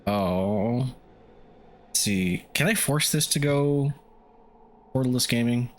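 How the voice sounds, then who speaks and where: A man's voice: medium pitch, animated, slow pace. A man chatting casually on a live stream, loose and profane, often chuckling as he sets up a game at home. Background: faint lo-fi music.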